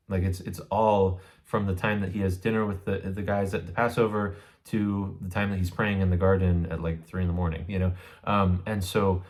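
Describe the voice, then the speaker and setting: A man's voice: low voice, a little mellow. A man giving a casual, conversational Bible study lesson, often checking in with his listeners as he explains a passage. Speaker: Bible teacher.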